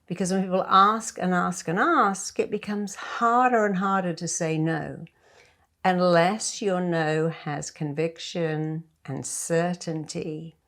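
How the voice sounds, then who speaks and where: Lively middle-aged woman, lower voice. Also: slow pace. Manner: lively, acts out quoted dialogue. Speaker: hypnotherapist. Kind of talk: motivational talk to camera.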